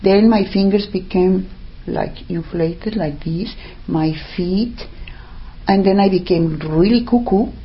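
A woman's voice: medium pitch, takes it slowly, lo-fi sound, slight background noise. An older woman telling a personal story in casual talk, acting out what others said and filling gaps with "I mean.". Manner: animated, acts out what others said, many "I mean" fillers.

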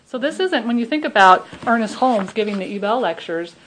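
A woman's voice: fairly high pitch, lively intonation, brisk, fairly bright tone, a little hiss or hum, poor audio. Chatty Southern woman minister. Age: middle-aged. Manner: chatty, laughing, many restarts. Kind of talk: informal sermon talk.

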